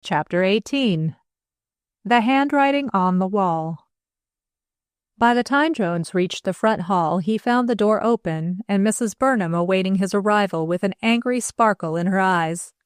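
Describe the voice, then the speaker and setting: A woman's voice: mid-range voice, a little slow, smooth, dry recording. Woman narrating an audiobook, dry and close. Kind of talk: scripted narration.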